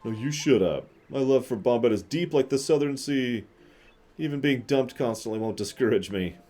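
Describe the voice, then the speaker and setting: A man's voice: mid-range voice, animated, moderate pace, dark tone, soft background music, pitched above the performer's own voice, lightly acted. A man doing a lovesick bomb creature. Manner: earnest, theatrical.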